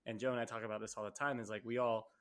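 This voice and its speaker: A man's voice: medium pitch, very fast. Young man co-hosting, loose and chatty. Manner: relaxed, rambling, many fillers. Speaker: podcast co-host. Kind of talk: casual interview conversation.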